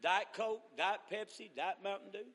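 A man preaching a revival sermon, teasing the congregation and rising to shouted fervor. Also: high-pitched, moderate pace. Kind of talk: joking, call-and-response revival sermon. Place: church revival service. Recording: long echoing church hall reverb.

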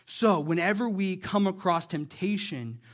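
A man preaching a sermon, retelling a Bible story in a lively, conversational way and acting out the characters' lines. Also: high-pitched, a little slow. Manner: conversational, checks in with "right?".

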